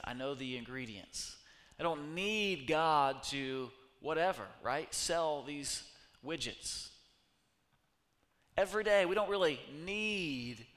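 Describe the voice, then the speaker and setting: A man preaching a sermon as pastor, animated and acting out the voices of the people he quotes. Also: fairly high pitch. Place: church hall. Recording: echoey hall reverb.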